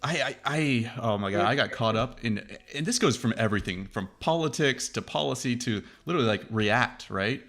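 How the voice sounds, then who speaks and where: A man hosting a casual tech chat, rambling and profane, acting out quoted reactions in a lively way. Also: on the low side, a little fast, few pauses, soft background music. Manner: animated, acts out quoted reactions.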